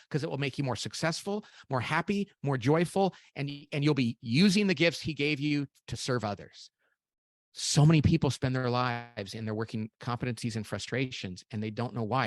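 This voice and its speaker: A middle-aged man, a guest author on a podcast interview, explaining ideas in a lively way, acting out quoted voices and often restarting sentences. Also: medium pitch, no room sound. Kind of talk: animated interview talk.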